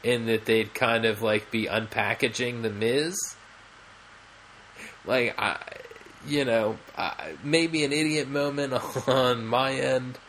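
A man talks slowly through a casual podcast chat, often trailing off into fillers and restarting his sentences. His pitch sits in a middle range. A faint hiss of noise runs under the recording. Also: fairly bright tone. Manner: rambling, many fillers and restarts. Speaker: podcast co-host.

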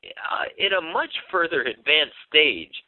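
A man co-hosting a casual wrestling podcast, talking in halting bursts full of fillers and restarts. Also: fairly high pitch, very animated, no room sound. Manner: hesitant, many fillers and restarts. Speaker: podcast co-host. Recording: dry, phone-like narrow sound.

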